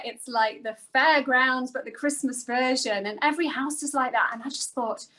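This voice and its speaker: An enthusiastic woman co-host who talks straight to her viewers in casual chat. Her voice sits a little higher than most. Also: normal speed, hardly any pauses, fairly bright tone, low-quality recording. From outside the United States.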